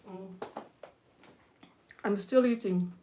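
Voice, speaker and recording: Lady cooking live in her kitchen, chatty and laughy, kinda sick and worn out, mid pitch voice, a bit of dish clatter in the back. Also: extremely slow, dark tone, a little hiss or hum, rough recording. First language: Portuguese. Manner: chatty, laughs often, speaks straight to viewers. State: feeling weak and ill. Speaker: cooking channel host. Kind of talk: live-stream cooking chat. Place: home kitchen.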